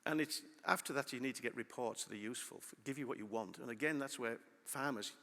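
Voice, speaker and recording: A middle-aged man with a mid-range voice presents at a conference in a large hall, where long reverb trails his words. His delivery is quick, bright, and forceful, and he keeps lively by asking the audience questions.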